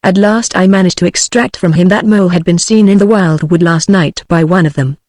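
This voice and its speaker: British tts lady voicing a cheery bold otter guy, even robotic reading, dry. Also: fairly low pitch, a little fast, no echo, lightly acted. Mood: cheerful. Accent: British English.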